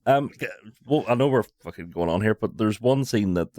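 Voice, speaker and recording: A man's voice: lowish voice, expressive, a little fast, a little mellow, no room sound, studio quality. A man with a Northern Irish accent, a guest in a casual film chat, laid-back and swearing freely. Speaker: podcast guest.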